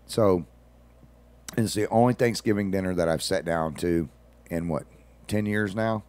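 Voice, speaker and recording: A man's voice: sits low, a little slow, a little mellow. A man, a regular on a radio show, telling rambling stories in casual talk with folksy asides.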